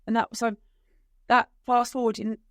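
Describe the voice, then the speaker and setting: A middle-aged woman, a guest on a podcast, telling her story emotionally, with halting restarts. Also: a little high, level tone, fairly bright tone, no echo, studio quality. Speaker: guest, bereaved mother. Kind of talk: podcast conversation.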